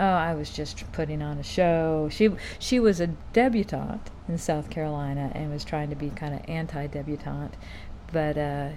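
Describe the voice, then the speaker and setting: A woman's voice: sits low, darkish tone, a little hiss or hum. A woman in her fifties hosting a podcast, talking in a casual, meandering way full of fillers and restarts. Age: 50s. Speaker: podcast host. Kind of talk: casual rambling monologue.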